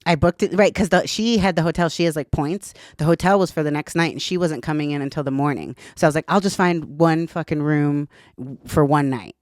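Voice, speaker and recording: A woman in her thirties talks with a smooth, clear voice, chatty and candid, swearing now and then. The recording is dry and close, with no room sound. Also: sits low, a little fast, a little mellow, dry recording. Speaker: podcast guest. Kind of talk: casual storytelling interview.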